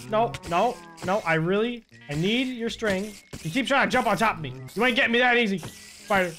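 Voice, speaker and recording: Excitable high-voiced young man gaming. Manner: hyped, shouts at mobs, talks to viewers. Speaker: gaming video creator. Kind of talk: excited gameplay commentary.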